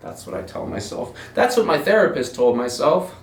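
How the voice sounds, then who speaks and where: A man's voice: a little high, sing-song, normal speed, echoey room, recorded from a distance, slight background noise. A man hosting his own show, telling a long personal story in a rambling, profane, self-mocking way. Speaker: podcast host telling a story. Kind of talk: casual storytelling monologue.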